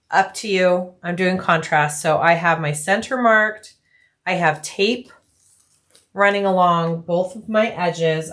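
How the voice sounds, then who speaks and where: A woman narrating a casual sewing tutorial, explaining each step in a relaxed, practical way and thinking aloud with frequent ums. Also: lowish voice. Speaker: bag-making tutorial host.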